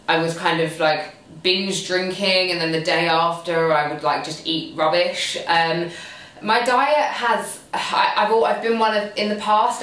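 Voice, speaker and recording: A woman's voice: on the low side, a bit bright. A young woman answering viewer questions in a casual vlog, chatty and gushing, with plenty of "um" and "like". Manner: chatty and gushing, full of "um" and "like" fillers. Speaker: lifestyle and fitness blogger. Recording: very echoey room, voice far from the mic.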